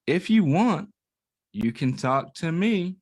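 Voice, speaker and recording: A man voicing a small, shy, lonely boy in a children's picture book read-aloud, soft and pleading. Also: fairly high pitch, sing-song, slow pace, full character voice. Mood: timid pleading.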